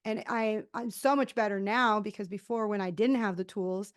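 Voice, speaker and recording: A woman's voice: mid-range voice, normal speed, clean tone. Candid woman telling a personal story. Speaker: podcast host. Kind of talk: casual interview chat.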